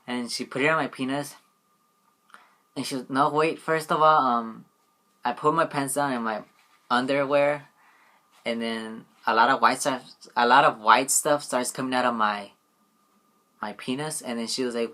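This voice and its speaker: A man's voice: medium pitch, normal speed, pauses often, pushed and bright. A young man talks straight to the camera in a loose, rambling way. He keeps circling back on himself with "like" and "you know what I mean". His voice sits in an ordinary middle range. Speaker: vlogger. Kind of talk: casual storytelling vlog.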